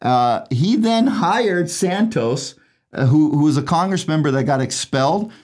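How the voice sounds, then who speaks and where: A man's voice: a little high, animated, a little slow, darkish tone. A man who hosts a casual show as an attorney, chatty and jokey, laughing at his own dad jokes. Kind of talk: casual legal commentary.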